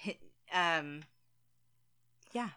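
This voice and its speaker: A woman co-hosting and answering viewer questions in casual chat, laughing often and pausing on ums. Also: lowish voice, lively intonation, sharp tone, clean tone. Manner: laughs often, hesitant with ums, self-deprecating.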